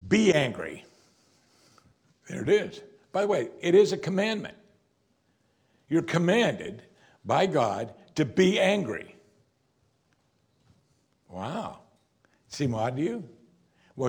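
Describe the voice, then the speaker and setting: Husky-voiced man preaching with dynamic emphasis. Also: medium pitch, very animated, unhurried, pauses often. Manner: rhetorical questions, sudden emphatic rises and quiet drops. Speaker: pastor. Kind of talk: sermon.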